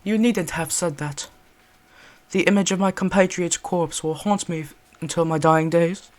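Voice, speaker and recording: A man's voice: a little high, fairly even intonation, normal speed, natural voice. A man voicing Dash, a formal, courteous young male barista, in a put-on British accent while reading a visual novel aloud. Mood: grave. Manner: stiffly polite and formal.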